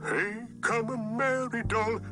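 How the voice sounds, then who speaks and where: A man's voice: extremely high pitch, steady tone, slow, music in the background, voice pushed up. A man voicing a jolly old forest man who sings carefree nonsense rhymes in an audiobook. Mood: merry. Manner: carefree sing-song chanting.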